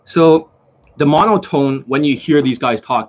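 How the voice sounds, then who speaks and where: A man with a voice on the high side speaks a little slowly as a dating coach, addressing the camera casually in a lo-fi home video. He's blunt, repetitive and lecturing, with swearing muttered under his breath.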